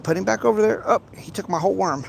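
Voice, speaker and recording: Out by a pond, a man chats casually with his livestream viewers while fishing, rambling with many restarts and teasing them playfully. His voice sits high and sounds creaky, moving at a quick pace, with slight background noise.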